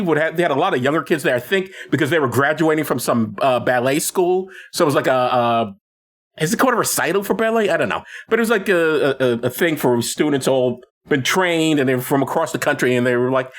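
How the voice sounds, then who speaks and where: Podcast co-host, male, lively swooping delivery, slightly high, halting and chatty. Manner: animated, halting retelling with many restarts and laughs. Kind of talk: casual movie chat.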